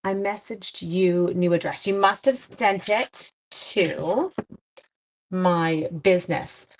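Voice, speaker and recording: A woman's voice: lowish voice, slow pace, slight background noise. A woman hosting a live card-stamping tutorial, chatting and answering viewer comments as she works, with a chatty, self-deprecating manner. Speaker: papercraft demonstrator hosting a livestream.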